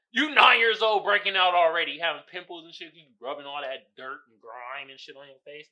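A man hosting a casual solo podcast, talking loudly and profanely, often laughing and shouting exclamations. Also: sits high, a little fast, hardly any pauses. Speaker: podcast host.

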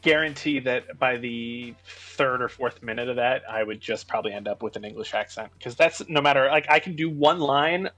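Man, podcast co-host, casual chat, rambling, mid pitch, dry close mic. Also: normal speed, few pauses, sharp tone, no room sound, soft background music.

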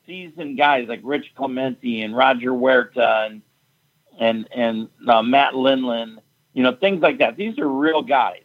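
A man's voice: mid-range voice, a little slow, phone-quality sound. A man, a fight event promoter, telling a story in casual chat, blunt and profane as he recounts a quarrel.

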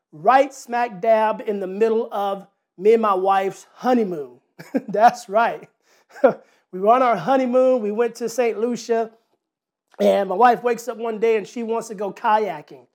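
A man preaching a sermon, talking in a conversational way with rhetorical questions, repeated words and a personal story. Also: high-pitched.

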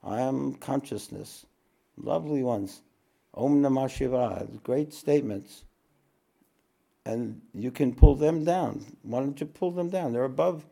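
A man teaching a spiritual talk to an audience, unhurried, repeating his phrases and often clearing his throat. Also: medium pitch, mellow.

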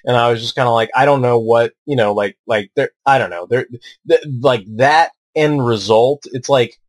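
Male podcast co-host, middle pitch, dry close sound, rambling and cursing casually. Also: moderate pace, no echo. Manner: rambling, stammering, swears freely, heavy filler words.

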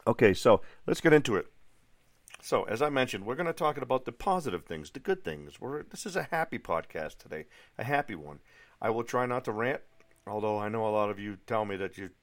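A man's voice: lowish voice, expressive, a little fast. A middle-aged American man hosting his own podcast, chatting through a rambling, enthusiastic solo monologue full of asides. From United States. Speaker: podcast host.

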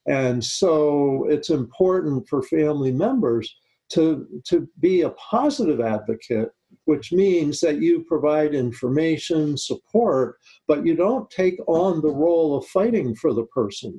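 Husky, mellow-voiced man explaining calmly. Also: on the high side, unhurried, rough recording. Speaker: guest expert on high-conflict disputes. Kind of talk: explanatory talk show discussion.

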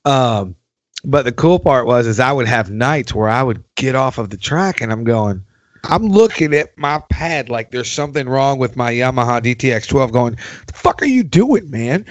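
A man's voice: mid-range voice, moderate pace, no room sound. A man hosting a podcast, telling drumming stories with lots of swearing and acting out his old rants. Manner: profane, tells stories, acts out angry past rants. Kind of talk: casual podcast chat. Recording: dry, dull lo-fi sound.

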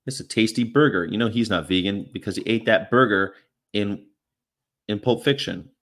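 A man's voice: on the low side, normal speed, a bit bright. Rambling, offhand male vlogger. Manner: offhand, rambling, crude, jokey asides. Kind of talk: casual rambling monologue.

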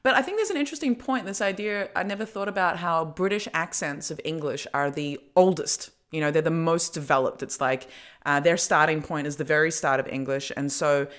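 A woman's voice: low-pitched, brisk, a bit bright. A woman hosting a casual podcast chat, rambling chattily with fillers and laughter. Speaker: podcast host.

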